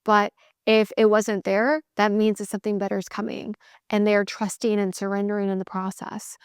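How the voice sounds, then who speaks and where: A woman's voice: medium pitch, level tone, moderate pace, clear, resonant tone, no echo, studio quality. A woman host giving a candid, motivational solo talk, emphatic and repeating phrases in bursts. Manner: candid, swears casually. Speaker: sales coach podcast host.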